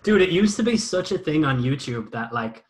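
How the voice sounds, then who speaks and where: A man's voice: fairly high pitch, very animated, moderate pace. A young man hosting a podcast, chatting in a rambling, sweary, self-mocking way. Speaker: podcast host and former YouTuber. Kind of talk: casual podcast chat.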